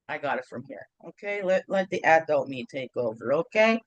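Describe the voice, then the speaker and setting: A woman's voice: sits low, animated, fairly quick, hardly any pauses, no echo. A middle-aged woman hosting a casual morning video chat from home, playful and rambling, with sing-song bits. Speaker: host.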